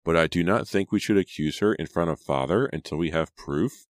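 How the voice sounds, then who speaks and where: Man playing a gentle, timid young sister; soft and careful, a touch higher than his low voice. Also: fairly quick, no echo, clean studio sound, lightly acted. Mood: soothing. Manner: soft, soothing, cautious. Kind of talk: audiobook character reading.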